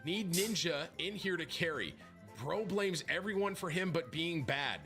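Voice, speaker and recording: Bright, sharp-toned male streamer reading chat messages aloud with mocking commentary. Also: a little high, lively intonation, a little slow, faint music behind. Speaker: game streamer.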